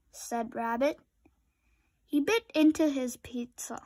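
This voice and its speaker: A woman reading a children's book aloud in a gentle, deliberate narration. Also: on the high side, fairly even intonation. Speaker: storybook reader.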